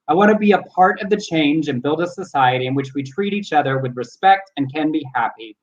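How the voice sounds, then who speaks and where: A man co-hosting a live show, briskly reading news items aloud. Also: a little high, animated, dull audio. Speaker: co-host.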